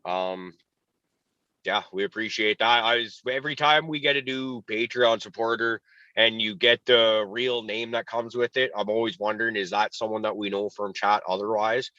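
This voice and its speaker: Lower-voiced man, bright, dry and muffled. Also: fairly even intonation, normal speed, dry recording. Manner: easygoing, frank, swears casually. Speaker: co-host. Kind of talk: casual livestream chat. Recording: dull lo-fi dry sound.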